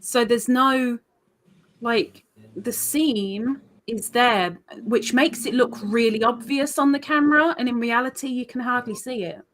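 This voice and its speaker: A woman's voice: on the high side, measured pace, a bit bright, a little hiss or hum. Chatty woman hosting a craft stream. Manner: chatty, explains with frequent restarts. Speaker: livestream host. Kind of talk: casual crafting chat.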